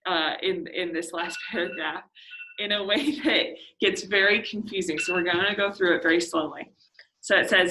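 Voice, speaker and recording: A woman teacher leading a literature class discussion, thinking aloud, reading passages slowly and putting questions to her students. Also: medium pitch, bright, forceful tone, poor audio. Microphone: classroom recording.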